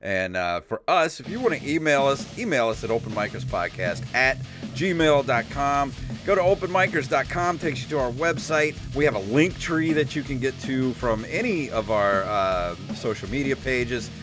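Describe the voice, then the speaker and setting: A man's voice: mid-range voice, expressive, normal speed, hardly any pauses, music in the background. A man co-hosting a podcast in casual chat, laid-back and self-mocking, with some swearing. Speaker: podcast co-host.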